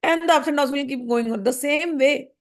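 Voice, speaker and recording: A woman giving a spiritual discourse, earnest and gently reassuring, repeating her points. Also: high voice, fairly quick. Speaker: spiritual teacher.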